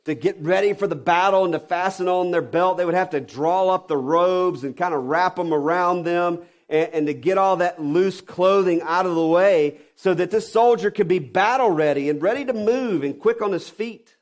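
A pastor preaching a sermon, emphatic, with rhetorical questions and swings from loud stresses to quiet drops. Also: male voice, high voice, moderate pace, few pauses.

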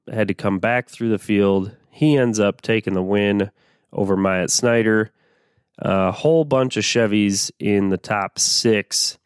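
A man hosting a casual solo podcast, his voice raspy from allergies, talking in a laid-back way with frequent fillers. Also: fairly low pitch, no echo, studio quality. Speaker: podcast host.

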